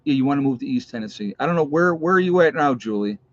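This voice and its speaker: Male livestream host, casual and chatty, reads viewer comments; mid-pitched voice, slightly dull home mic. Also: lively intonation, no echo. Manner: chatty, lists viewer locations, pauses with uh.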